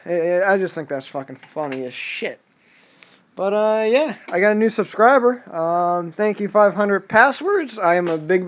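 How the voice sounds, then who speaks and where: A man's voice: high-pitched, smooth. A young man from Massachusetts vlogging casually, rambling and swearing as he chuckles over his run-ins with the cops. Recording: dull lo-fi home video audio with faint noise.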